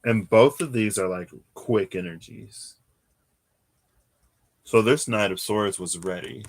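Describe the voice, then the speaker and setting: Speaking slowly in a voice on the low side, a man does a casual live tarot reading, chatty and prone to laughter and wandering asides.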